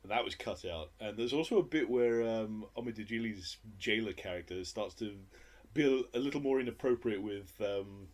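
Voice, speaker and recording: A man's voice: lowish voice, moderate pace. A man co-hosting a casual alternate film commentary, sharing trivia with dry quips.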